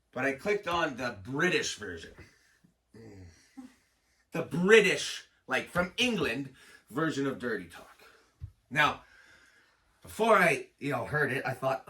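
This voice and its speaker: A man performs a raw, profane stand-up set on a small homemade stage. His voice leaps around in pitch with lively swings, and his tone is bright and forceful. He talks loud and animated, sitting a bit high for a man. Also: recorded from a distance. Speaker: stand-up comic. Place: small self-built home stage.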